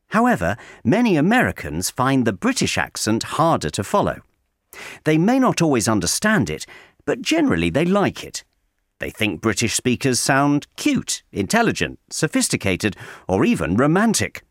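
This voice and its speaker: A man reading a scripted letter for English learners, measured and wry, with dry humor. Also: medium pitch, dry recording. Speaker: correspondent reading a regular letter.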